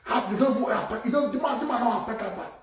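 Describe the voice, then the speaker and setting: A man with a Nigerian Pidgin accent, ranting loudly in a casual live video, repeating phrases and laughing between points. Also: very high-pitched, very fast, distant mic. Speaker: social media commentator. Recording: echoey room, voice away from mic.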